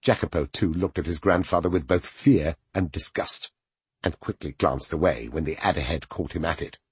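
A man narrating a fantasy audiobook with expressive storytelling. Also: sits low, moderate pace, slightly rough, dry recording.

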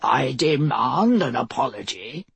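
A woman's voice: extremely low pitch, sing-song, a little slow, gravelly, slightly rough, no echo, voice pushed down, heavily acted. A woman voicing an angry, haughty older male church leader who snarls his words. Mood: indignant. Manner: snarling, cold, menacing.

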